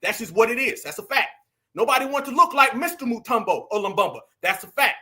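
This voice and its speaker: High, bright-voiced man preaching to viewers. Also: animated, fast. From United States. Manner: preachy, rousing, talks to viewers directly. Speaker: political commentary host. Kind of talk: impassioned live-stream commentary.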